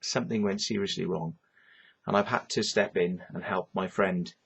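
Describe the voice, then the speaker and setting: Husky man ranting to camera. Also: deep voice, fairly even intonation, moderate pace, fairly bright tone. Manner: agitated, repetitive, swearing, tags lines with "right?". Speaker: vlogger.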